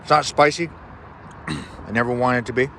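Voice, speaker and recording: A man hosts an outdoor-kitchen cooking vlog, talking offhandedly and wryly in an easygoing way while he cooks. He has a mid-range, somewhat bright voice with fairly even intonation and normal speed, and there's slight background noise.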